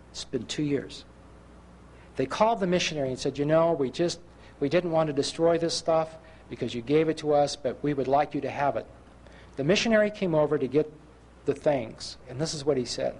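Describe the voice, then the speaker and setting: A man preaching a sermon, telling a story and acting out the voices of the people in it, slowing down for emphasis. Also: a little high, slightly rough. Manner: animated, acts out quoted voices.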